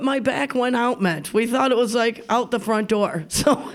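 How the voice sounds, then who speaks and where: A woman's voice: a little high, moderate pace, hardly any pauses. A woman telling a funny personal story live on the radio, chatty and laughing often, acting out remembered voices in her own. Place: radio studio.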